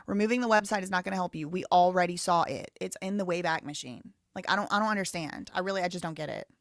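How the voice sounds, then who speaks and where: A woman's voice: lowish voice, fast talker, no room sound, studio quality. A woman in her thirties hosting a live stream, rambling casually and thinking aloud with lots of "like" fillers. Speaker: livestream host.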